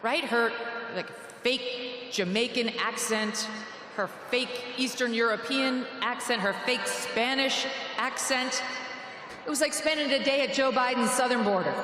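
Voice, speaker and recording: A woman giving a sarcastic, mocking political rally speech with punchy delivery. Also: a little high. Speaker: rally speaker. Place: large echoing hall. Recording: echoey hall with long reverb, noisy.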